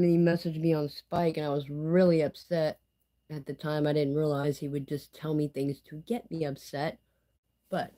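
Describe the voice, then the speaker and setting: Candid rambling woman, mellow voice. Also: deep voice, rough recording. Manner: candid, rambling, full of fillers like "you know" and "like". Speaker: vlogger. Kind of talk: casual personal vlog monologue.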